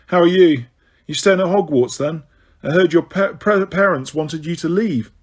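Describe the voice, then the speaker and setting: A man's voice: fairly high pitch, moderate pace, natural voice. Parvati: a man doing a gossipy teen witch girl. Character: teenage wizard girl, gossipy and chatty.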